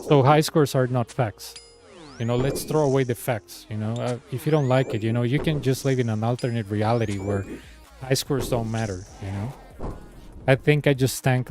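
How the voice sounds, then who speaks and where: A man's voice: medium pitch, a little mellow. Sarcastic Spanish-accented man ranting. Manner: sarcastic, exasperated, repeats himself. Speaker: game streamer. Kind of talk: ranting gameplay commentary.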